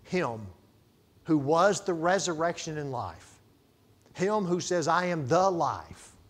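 Here a middle-aged pastor preaches slowly but with great animation, his voice fairly high. Stories carry the sermon, and he shifts between loud stresses and soft asides.

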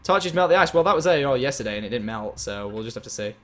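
A man chatting casually as he plays a game, explaining and getting excited as he goes. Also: mid-range voice, quick pace. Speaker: gaming host. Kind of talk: casual chat while gaming.

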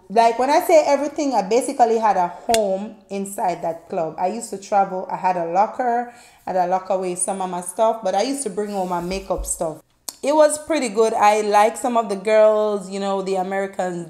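Chatty woman in a roomy space. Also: medium pitch. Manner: chatty, heartfelt, drifting between loud bursts and soft tones. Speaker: vlogger. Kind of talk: casual storytelling to camera. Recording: roomy echo, faint music.

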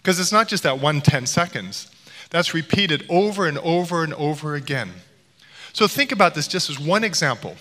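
A middle-aged man lectures to an audience, his voice bright and a touch high. He tells stories lightly and slips into playful impressions now and then. His voice rings with the long reverb of a large hall. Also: lively intonation, moderate pace. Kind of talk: public lecture.

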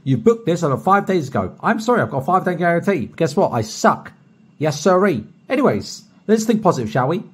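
Young british guy doing a shoutout vid, husky voice a bit high, swears nonstop, loud then soft. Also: sing-song, quick pace. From Britain. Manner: boisterous and heavily profane, swinging from soft to loud. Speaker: streamer recording a paid shoutout. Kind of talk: personalized video message.

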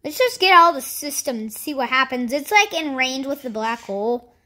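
High-voiced woman rambling through a game. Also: fairly quick. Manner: rambling, thinking aloud with many fillers; excitable outbursts of surprise. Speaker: gameplay commentator. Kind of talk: casual game commentary.

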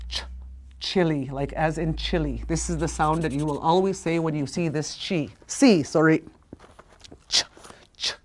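A woman's voice: on the low side, darkish tone. A woman teaching a language lesson, patiently sounding out words and repeating them, with small apologies for slips.

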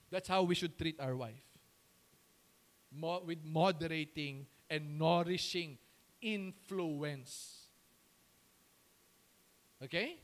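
A man's voice: high-pitched, a bit bright. A man with a Filipino accent, a pastor preaching a sermon in Taglish, firing rhetorical questions and answering them himself.

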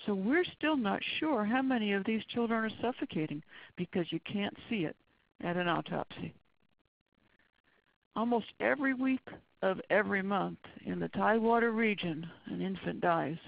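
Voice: mid-range voice, moderate pace, gravelly. A forensic pathologist giving a webinar lecture in an earnest, blunt and emphatic way. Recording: dull lo-fi webinar audio.

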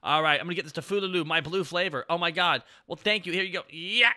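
Very fast-talking, this male VTuber hosts a goofy, casual live chat. His delivery swings from loud bits to quiet mumbled asides.

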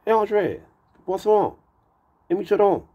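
A man's voice: high-pitched, animated, measured pace, dark tone, voice pushed up. A man putting on a fussy French waiter's voice in a mock French accent, rattling off bits of French. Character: pompous male French waiter at a fancy restaurant.

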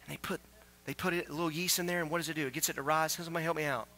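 A man preaching a sermon as pastor, asking the congregation questions and building to loud exclamations. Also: fairly high pitch, fairly even intonation, racing. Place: church sanctuary.

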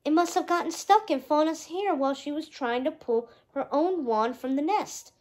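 A woman reading a storybook, voicing a kind, brave young princess who speaks softly and reassuringly. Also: sits high, normal speed, pitched above the performer's own voice, lightly acted. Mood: gentle. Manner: soft and reassuring.

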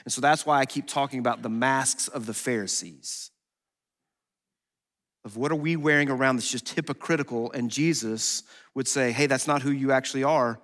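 A man pastor preaching a sermon in a conversational, animated way, acting out quotes as he goes. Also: medium pitch, moderate pace. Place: church sanctuary. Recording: long hall reverb.

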